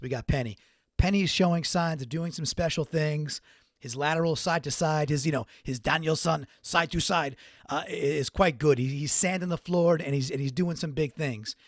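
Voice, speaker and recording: A man's voice: fairly high pitch, no room sound, studio quality. A man hosting a solo sports recap podcast, talking in a casual, rambling way with restarts. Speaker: podcast host.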